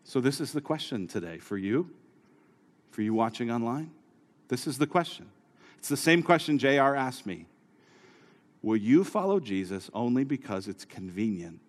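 A male pastor preaching a sermon who moves from quiet storytelling to raised, urgent exhortation. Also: mid-range voice, expressive, normal speed, long pauses. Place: church hall. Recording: live sermon with long hall reverb.

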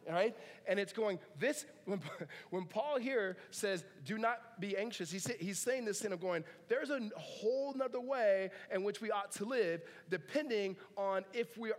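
A man with a notably high voice preaches a sermon in a church, talking in a loose, conversational way with jokes and asides. His voice carries a long reverb from the hall around him. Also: a bit bright. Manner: conversational and joking, with asides and laughs. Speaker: pastor. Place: church sanctuary.

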